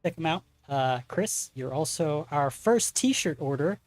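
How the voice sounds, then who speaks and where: A man's voice: fairly high pitch, expressive, measured pace, dry recording. A man hosting a tabletop stream as game master, chatting casually through announcements with many fillers and self-corrections.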